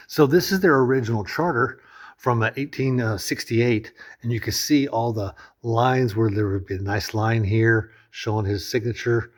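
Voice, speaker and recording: A man chatting casually as he tours a lodge room, rambling with lots of fillers and restarts. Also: on the low side. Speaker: vlogger touring a lodge. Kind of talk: casual walkthrough narration.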